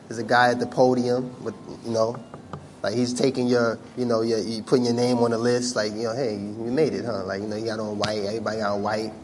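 With a fairly low pitch and a quick pace, a man spins a funny story for an audience, chatting casually with many fillers and performing the voices he quotes. The background is noisy.

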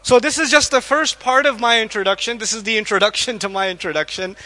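A man giving an animated religious lecture to a live audience, questioning listeners and acting out quotes. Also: sits high, quick pace. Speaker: Islamic lecturer. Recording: echoey hall.

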